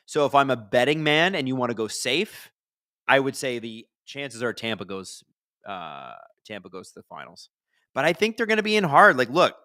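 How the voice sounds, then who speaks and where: Bright-voiced man chatting about hockey live. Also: on the low side, no echo, clean studio sound. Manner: chatty, rambling, answers chat questions; bursts into excited shouts at big plays. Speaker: hockey livestream host. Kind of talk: casual live watch-along commentary.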